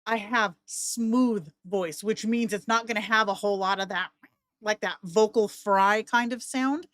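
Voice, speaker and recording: A woman walking through a voice software tool in a casual, chatty way, with joking asides to herself. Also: medium pitch, measured pace, no room sound, studio quality. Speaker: content creator.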